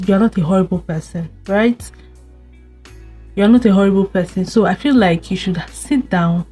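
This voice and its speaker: A woman's voice: medium pitch, darkish tone, husky. A young woman giving casual relationship advice to camera, firing off rhetorical questions and repeating herself. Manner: scolding rhetorical questions, repeats words, frequent laughs. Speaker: vlogger.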